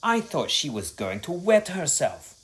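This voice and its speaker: A man's voice: fairly high pitch, huge pitch swings, measured pace, pitched above the performer's own voice. A man voicing a giggly, loyal boy sidekick in a children's storybook reading, sounding gleeful.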